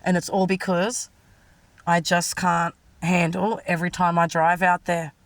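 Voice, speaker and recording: A woman's voice: fairly low pitch, level tone, unhurried, no echo. An Australian woman giving a rambling, distressed, frank personal monologue. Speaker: vlogger.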